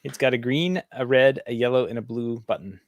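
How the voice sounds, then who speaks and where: A man's voice: medium pitch, a little fast, no room sound, highs cut off. A man co-hosting a home tech podcast, easygoing and wry in casual chat. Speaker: podcast co-host.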